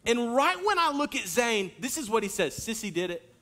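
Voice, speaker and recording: A man in his thirties preaching a sermon in a church, telling a family story with animated delivery and acted-out lines. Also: very high voice, moderate pace, slight background noise. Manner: animated storytelling, acts out hollering and kids' lines. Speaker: pastor. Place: church sanctuary.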